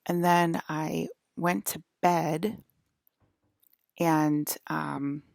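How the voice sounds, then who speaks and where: A woman's voice: low voice, flat delivery, very slow, gravelly, dry recording, clean studio sound. A young woman vlogger telling a long personal story in a rambling, casual way, swearing and laughing as she goes. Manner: rambling, full of fillers and swearing, laughing often.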